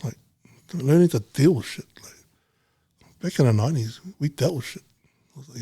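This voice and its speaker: A man's voice: mid-range voice, animated, moderate pace, dark tone, slightly rough, dry recording. A middle-aged man talking bluntly in casual chat, swearing freely and rambling. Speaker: podcast guest, businessman.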